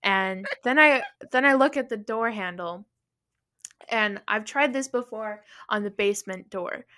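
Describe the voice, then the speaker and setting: Bright-voiced young woman telling a story. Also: mid-range voice, measured pace. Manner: animated retelling, acts out her own panicked lines. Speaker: podcast co-host. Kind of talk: casual storytelling chat.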